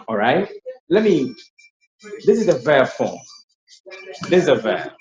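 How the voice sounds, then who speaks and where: A man's voice: mid-range voice, big pitch swings, a little slow, pauses often, a little mellow. A man tutoring English pronunciation in an online lesson. He explains patiently and often repeats his words. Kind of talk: online lesson with screen sharing. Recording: roomy, dull lo-fi sound.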